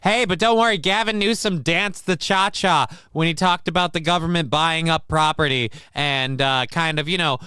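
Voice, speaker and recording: Angry ranting podcast host, dry and clear. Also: male voice, sits high, sharp tone, no room sound. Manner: angry, profane, sarcastic ranting. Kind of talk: heated political rant.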